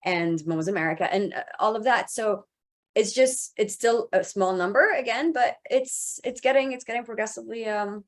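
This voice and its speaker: A woman's voice: fairly high pitch, normal speed. A woman voice actor speaking on a panel, passionate and rambling, with many restarts. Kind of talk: panel discussion.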